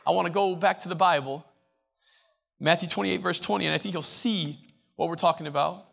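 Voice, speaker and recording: A man's voice: sits high, fairly quick, gravelly, fairly bright tone. A man preaching a chapel sermon to Bible college students, emphatic and repetitive, often restarting his phrases.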